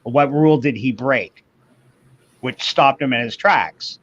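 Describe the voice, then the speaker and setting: A man in his fifties hosting a livestream chat, telling a long profane story in a ranting, animated way. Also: medium pitch, takes it slowly. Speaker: livestream host. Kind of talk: casual chat. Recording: slightly muffled stream audio.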